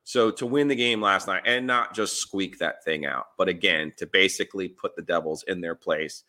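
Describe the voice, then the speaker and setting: A man's voice: low-pitched, moderate pace, sharp tone. A man from New Jersey co-hosting a sports podcast, explaining things in a wry, chatty way. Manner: explanatory, wry, acts out quoted reactions. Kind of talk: casual sports chat.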